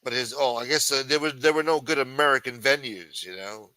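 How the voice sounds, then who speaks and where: A man with a bright, forceful voice reads news stories aloud and tears into them with crude, mocking asides. His delivery is sarcastic and full of profanity. The sound is close and dry, with no room around it. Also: medium pitch, a little fast, no room sound, poor audio. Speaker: livestream show host. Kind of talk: reading news articles aloud with commentary.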